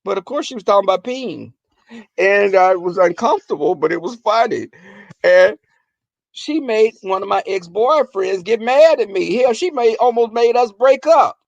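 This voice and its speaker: A man telling comic family stories on his vlog, animated and profane, often breaking into laughter. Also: high voice, moderate pace, gravelly, no echo, highs cut off. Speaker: vlogger. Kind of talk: comic storytelling.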